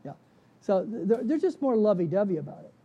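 Man, pastor, bible study teaching, conversational, asks the class questions, dark warm voice, church classroom. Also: high voice, very animated, fairly quick.

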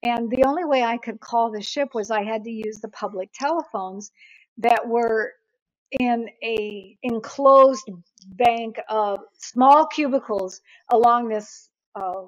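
A woman's voice: on the high side, takes it slowly, dry recording. A woman guest telling a travel story in a casual interview, acting out the voices of the people in it. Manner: animated, acts out voices in her anecdotes. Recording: dull, dry, lo-fi sound.

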